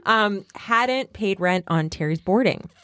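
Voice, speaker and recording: A woman hosting a podcast, reading a story to her co-host and chatting in an animated way. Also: mid-range voice, a little slow, a little hiss or hum. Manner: animated, laughs easily. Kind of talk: casual chat and reading history notes.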